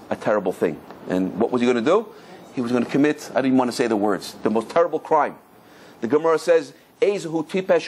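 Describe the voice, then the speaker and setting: A man, a rabbi telling a story in a lecture, animated and acting out the voices of people in it, with many restarts. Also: a little high, slightly rough.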